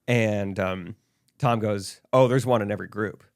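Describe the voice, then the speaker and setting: A young man co-hosting a podcast, telling stories in relaxed casual chat and laughing often. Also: fairly low pitch, moderate pace. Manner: laid-back storyteller, laughs often. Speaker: podcast co-host.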